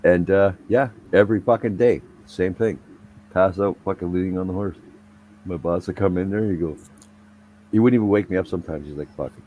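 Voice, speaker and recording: Young guy, booming low voice, swearing storyteller, laid-back chat. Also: fairly quick, mellow, a little hiss or hum, rough recording. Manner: profane, rambling anecdotal delivery.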